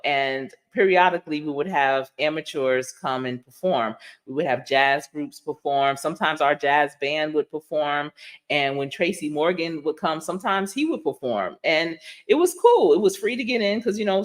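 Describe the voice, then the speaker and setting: A middle-aged woman, a life coach, talks casually to her livestream audience. She tells stories with lively energy, laughing often and slipping into the voices of the people she quotes. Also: low-pitched. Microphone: livestream setup.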